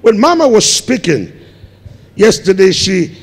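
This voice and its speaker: A Ghanaian man preaching a sermon as pastor, building up to shouted emphasis on key words. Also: high voice, sing-song, unhurried, breathy edge. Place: large church hall. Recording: long hall reverb.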